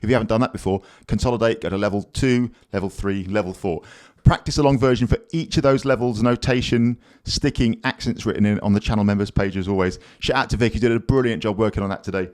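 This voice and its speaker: A man's voice: fairly low pitch, fast, a little mellow. A man teaching drums, plain-spoken and encouraging, with blunt asides. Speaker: drum teacher. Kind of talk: drum lesson, counting aloud over playing.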